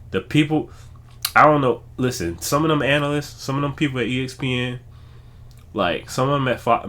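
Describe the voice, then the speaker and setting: A man hosting a reaction video, giving casual, animated commentary that hypes up and riffs on a clip. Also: medium pitch.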